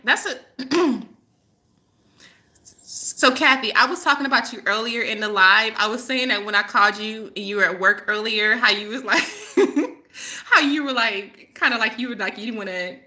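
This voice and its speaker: A woman's voice: a little high, bright, forceful tone. A woman hosting a casual live-stream chat as a spiritual healer, rambling and laughing often as she tells stories.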